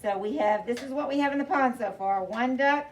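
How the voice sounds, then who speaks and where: A woman teacher reading a picture book aloud to her class in an animated way, asking the children questions. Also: a little high, a little fast. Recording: distant mic, faint noise.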